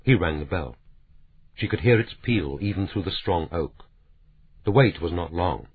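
Deep, husky man narrating an audiobook. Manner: steady, measured reading. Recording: tinny phone-like sound.

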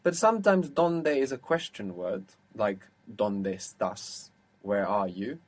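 A man teaching a one-to-one language lesson, explaining patiently and slowing down to model words. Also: fairly low pitch, expressive.

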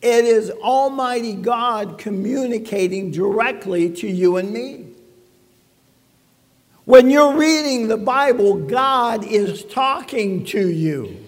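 A man with a high voice delivers a sermon at an unhurried pace, chatty and quick with wry asides. His words ring out with a long reverb, as in a church hall. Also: expressive. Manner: conversational preaching with quips and asides. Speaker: pastor.

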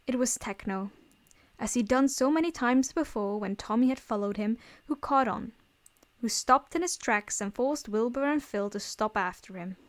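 A woman reading fan fiction aloud in a steady storytelling voice. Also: fairly high pitch, moderate pace. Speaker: reader.

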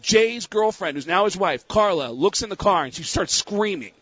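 A man with a high, husky voice tells a rambling story and throws himself into the lines of everyone in it. The sound is dry, with a dull lo-fi quality. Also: no echo. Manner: animated, acts out the other people's lines in quick bursts. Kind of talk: casual storytelling.

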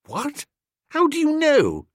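A man voicing an excitable young upper-class gentleman who talks in an eager, exclamatory way. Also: very high-pitched, slow pace, no echo, clean studio sound, voice pushed up, heavily acted. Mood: excited.

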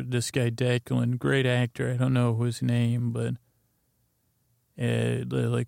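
A man casually recapping a TV episode, rambling and halting with many fillers and restarts. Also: medium pitch, monotone, gravelly, a little mellow, no room sound, studio quality. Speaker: podcast host.

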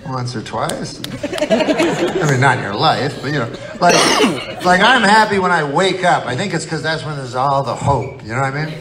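A man's voice, on the high side with big pitch swings and a moderate pace, delivers rambling, profane stand-up stories in a loose, conversational manner. He performs at a live comedy venue with audience laughter. The recording is low quality.

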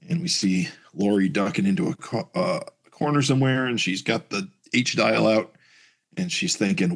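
A man's voice: on the low side, normal speed, husky. A man co-hosting a podcast, recapping a comic book and acting out the characters' lines in raised voices. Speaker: podcast co-host reading a comic aloud.

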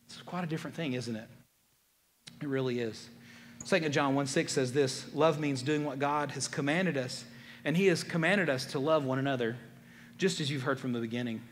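A man preaching a sermon as a pastor, swinging between loud emphatic lines and quiet, low ones. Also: normal speed, in a large hall, slight background noise.

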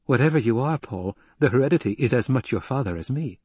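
A man voicing a grieving mother in an audiobook reading, speaking gently and low with a husky tone. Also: lively intonation, moderate pace, dry recording. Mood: gentle.

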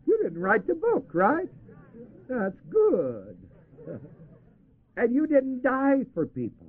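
A man's voice: high-pitched, huge pitch swings, takes it slowly, pauses often, slightly rough. A man preaching a sermon who often chuckles and has listeners finish the verses he quotes. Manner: asks the audience to finish verses. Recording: tinny lo-fi tape recording.

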